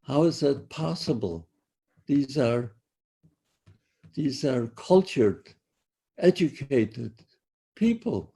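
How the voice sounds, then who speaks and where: Older guy telling students his story, mellow husky voice, halting, keeps repeating himself. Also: mid-range voice, big pitch swings. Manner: halting, repeats and restarts phrases. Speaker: Holocaust survivor speaker. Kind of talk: personal testimony to students.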